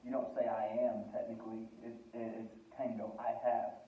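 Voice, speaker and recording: A man's voice: lowish voice, level tone, fairly quick, slight background noise. A man teaching a Spanish lesson in a classroom, chatty and joking, switching between English and Spanish. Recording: tinny, echoey from far off.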